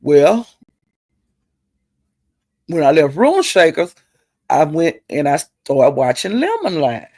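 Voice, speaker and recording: A middle-aged woman telling gossip in a chatty, salty way, calling listeners honey and girl and jumping her pitch up high when she quotes people. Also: slow pace, long pauses, no room sound. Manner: animated, jumps her pitch up high when quoting others. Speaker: online commentator. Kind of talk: casual gossip storytelling.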